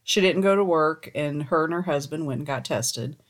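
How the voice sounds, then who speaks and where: A woman with a fairly low voice recounts a story in a relaxed, chatty way. She laughs often as she talks. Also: moderate pace. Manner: laughs often while telling stories. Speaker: podcast co-host. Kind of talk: casual storytelling.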